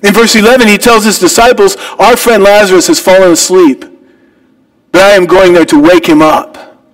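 A man's voice: high-pitched, fairly even intonation, moderate pace, low-quality recording. An American man preaching a sermon as pastor, reading scripture and then asking earnest rhetorical questions with rising emphasis. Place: church sanctuary.

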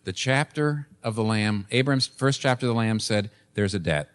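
A man in his sixties preaching a sermon as pastor, emphatic, with sudden rises and soft drops. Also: fairly low pitch, normal speed.

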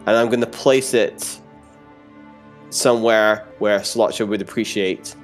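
A man's voice: on the low side, steady tone, a little slow, soft background music. A man playing a tabletop role-playing game, making crude jokes. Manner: crude joking. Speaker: player. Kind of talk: tabletop role-play chat.

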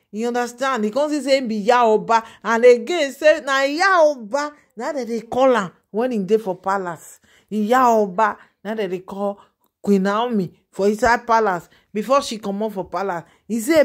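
A woman with a Nigerian Pidgin accent hosting a gossip channel, rambling and animated, often asking her listeners if they understand. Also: a little high, moderate pace. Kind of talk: casual gossip commentary.

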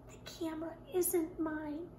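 A woman voicing a stubborn little girl who loves tiny things, in a high childlike voice. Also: big pitch swings, slow pace, pushed and bright, roomy sound, a little hiss or hum, heavily acted. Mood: small, ashamed.

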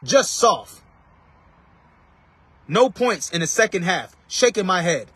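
Male street preacher, husky, fairly high voice, fervent casual delivery recorded in a car. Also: big pitch swings, slow, fairly bright tone, no room sound. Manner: emphatic, calls out to viewers by name. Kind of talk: casual live-stream preaching.

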